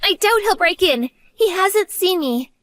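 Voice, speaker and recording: A woman's voice: very high-pitched, lively intonation, a little slow, fairly bright tone, no echo, clean studio sound, heavily acted. A woman voicing an earnest, devoted college-age daughter who talks to her mother. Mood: frightened. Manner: earnest, pleading.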